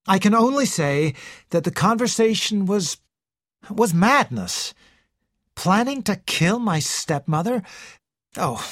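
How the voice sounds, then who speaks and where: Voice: mid-range voice, fairly bright tone, no echo, studio quality, pitched above the performer's own voice, full character voice. A reader voicing a tense, stammering young man. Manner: stammering, pleading. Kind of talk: audiobook character reading.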